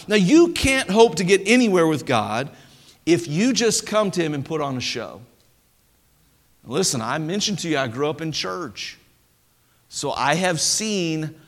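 A pastor preaching with a high voice that swings widely in pitch and a bright, forceful edge. He talks in an animated, conversational way, stumbling into quick restarts. His voice rings out with the long reverb of a large church hall. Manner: animated preaching with stammered restarts and playful impressions. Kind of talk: sermon.

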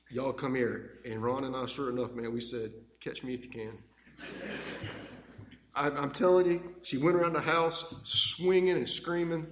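A man telling fond, rambling family stories in a eulogy, speaking in a church. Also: mid-range voice. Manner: warm, rambling, fond anecdotes. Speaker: grandson giving a eulogy. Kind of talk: heartfelt eulogy storytelling. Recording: echoey church hall with long reverb.

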